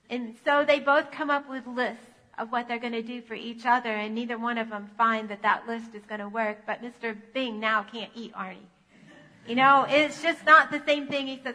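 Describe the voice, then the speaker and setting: A woman pastor telling a children's story in a church sanctuary, animated in manner. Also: on the high side, moderate pace, big-room sound, low-quality recording.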